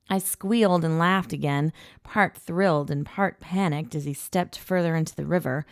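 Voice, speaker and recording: A woman narrating a first-person audiobook in an even, intimate storytelling voice, recorded close in a booth. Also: deep voice, moderate pace, smooth, no echo.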